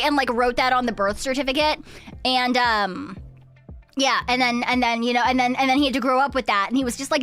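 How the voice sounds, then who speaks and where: A woman's voice: high-pitched, steady tone, normal speed, bright, forceful tone, clean tone, soft background music. A young woman streaming a game, chatting in a playful, rambling way, swearing and giggling often. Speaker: VTuber streamer. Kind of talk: casual live-stream chat.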